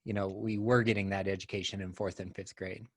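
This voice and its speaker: A man's voice: low-pitched, little pitch movement, a little fast. A man hosting a podcast, talking candidly and rambling, with casual swearing. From United States. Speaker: podcast host.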